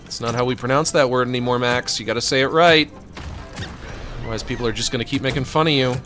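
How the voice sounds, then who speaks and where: A man's voice: medium pitch, fairly even intonation, quick pace, sharp tone. A man streaming a video game, joking around with crude, rambling asides as he plays. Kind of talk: casual gameplay commentary. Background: game music.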